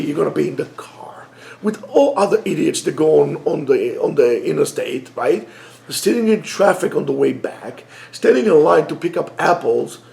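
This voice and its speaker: A middle-aged man gives an informal Torah lesson as a joking, animated storyteller. His voice sits high, swings widely, and has a gravelly edge. The room adds a noticeable echo. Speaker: rabbi teacher.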